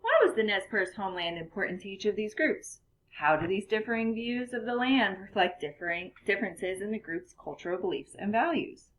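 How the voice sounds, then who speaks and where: A woman's voice: medium pitch, fairly quick, fairly bright tone, slight background noise. A young woman teacher talking through a recorded lesson for her students, chatty and full of ums, a little out of breath. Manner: chatty, many ums, self-correcting. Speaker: classroom teacher.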